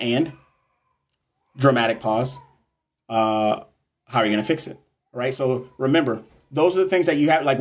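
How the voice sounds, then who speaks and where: A man in mid-pitch hosting a casual livestream as a nursing exam coach. He talks bluntly and swears freely while pushing his viewers to take action. His tone is motivational and direct.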